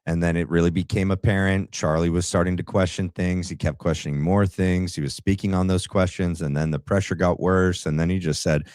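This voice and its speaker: A man with a very low voice hosts a casual commentary livestream. He speaks to his chat with rambling asides. The sound is dry and close. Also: fairly even intonation, a little fast, hardly any pauses, a little mellow, clean tone, no echo. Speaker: livestream host.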